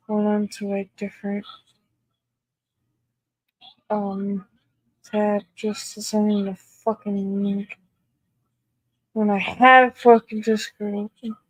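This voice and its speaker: A young woman talks to her stream in an unhurried, drawn-out way, swearing constantly and reacting with exclaimed disbelief. Her voice sits at an ordinary pitch for a woman. The sound is dry and close, with no room echo. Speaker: live streamer. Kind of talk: casual live-stream chat.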